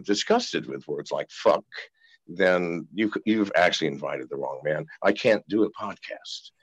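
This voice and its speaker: Gravelly, profane man on a video call. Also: deep voice, unhurried. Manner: profane, rambling, animated. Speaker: podcast guest. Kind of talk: casual interview.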